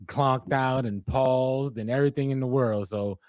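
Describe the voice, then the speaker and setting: A man co-hosting a podcast, playful, with many quick affirmations. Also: medium pitch, fairly even intonation, a little mellow. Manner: playful, lots of affirming interjections. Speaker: podcast co-host. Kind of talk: casual podcast chat.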